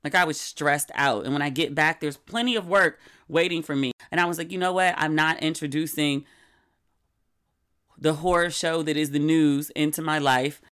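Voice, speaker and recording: A middle-aged woman hosting a podcast, chatting casually in a candid, wry, animated way. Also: sits low, moderate pace, smooth. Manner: candid, wry and animated, with sudden quoted outbursts. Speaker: podcast host. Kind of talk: casual solo podcast chat.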